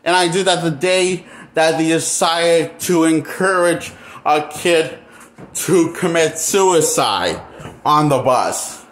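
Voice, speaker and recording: A man talking alone to camera in an unscripted monologue, halting and bitter, trailing off into pauses and then bursting out. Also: a little high, a bit bright. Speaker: vlogger.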